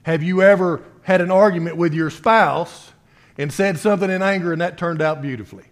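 A man with a slightly higher voice delivers a sermon to his congregation. He speaks conversationally, firing off rhetorical questions at his listeners. His voice swings between quiet, low asides and raised, emphatic points. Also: brisk. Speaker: preacher.

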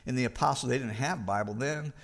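A man's voice: mid-range voice, quick pace, creaky. A middle-aged man preaching a sermon as pastor, earnest, often repeating a word as he restarts.

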